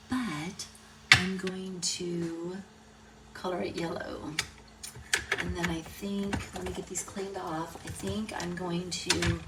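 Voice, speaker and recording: A woman's voice: fairly low pitch, level tone, takes it slowly. Middle-aged woman, crafting instructor, chatty, thinks aloud, off-mic, noisy background. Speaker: card-making instructor. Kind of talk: casual crafting tutorial. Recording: distant mic, noisy room.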